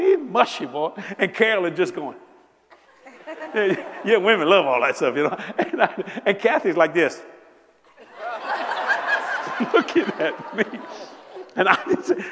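A man in his seventies preaching a sermon, telling a personal story with lots of laughter and sudden loud bursts. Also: sits high, unhurried, pauses often. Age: 70s. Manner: animated, laughing, bursts of shouting. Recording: echoey hall.

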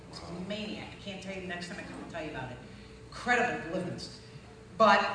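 Woman, church testimony, animated storytelling, loud peaks, very echoey hall, distant mic. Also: fairly low pitch, noisy background. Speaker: guest speaker giving testimony. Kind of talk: testimony talk to a church audience. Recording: echoey hall recording from far off, with crowd ambience.

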